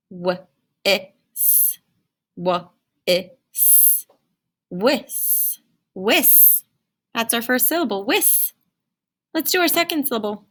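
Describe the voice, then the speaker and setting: A woman's voice: high voice, bright, forceful tone. A woman teaching a phonics lesson to children in a singsong, encouraging way. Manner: singsong, encouraging, talks to young learners.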